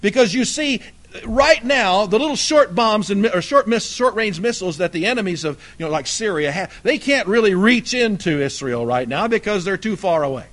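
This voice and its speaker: A man preaching a fiery sermon, swinging between loud emphatic bursts and low, quiet asides. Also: animated, moderate pace.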